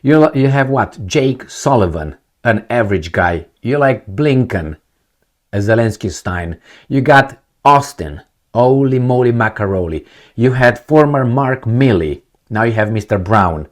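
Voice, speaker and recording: A man giving blunt solo commentary, firing rhetorical questions and swinging between loud and soft. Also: medium pitch, expressive, unhurried. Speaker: political commentator.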